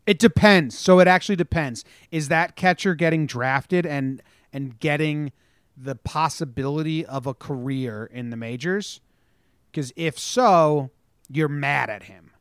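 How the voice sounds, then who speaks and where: Animated man in casual sports chat. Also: fairly high pitch, unhurried, clean tone, no echo, studio quality. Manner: animated storyteller, acts out quotes with profanity. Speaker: podcast co-host.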